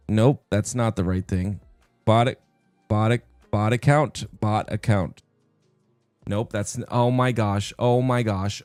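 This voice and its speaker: A man's voice: medium pitch, expressive, a little slow, no room sound. A man streaming a game live, chatting casually and rambling with his viewers, often interrupting himself. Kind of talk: casual live-stream chat while gaming. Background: faint background music.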